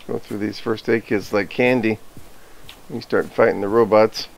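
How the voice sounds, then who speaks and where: A man giving low-key, casual commentary while playing a video game, muttering to himself. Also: fairly even intonation, normal speed, vocal fry, low-quality recording. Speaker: gamer.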